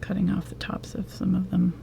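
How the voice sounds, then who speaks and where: A woman leads a live painting lesson in a soft, relaxed manner. Her voice is low and mellow with a gravelly edge. She often sinks into a near whisper as she works. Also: a little fast. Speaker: painting instructor.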